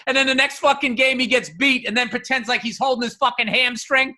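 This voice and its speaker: A podcast co-host, a man, holds forth in casual chat, heated and profane. His voice sits high and sharp. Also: a little fast, few pauses.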